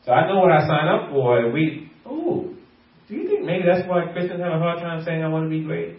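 A man's voice: fairly high pitch, very animated, normal speed. A man preaching a sermon as a pastor, playful and laughing often as he acts out bits of everyday talk. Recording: echoey room, voice from far off, dull sound.

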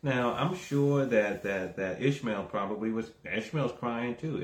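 Preacher with an echoing voice, building up. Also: male voice, normal speed, hardly any pauses. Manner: builds from low talk to emphatic, raised exhortation; repeats words, asks the audience "right?". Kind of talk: conversational sermon.

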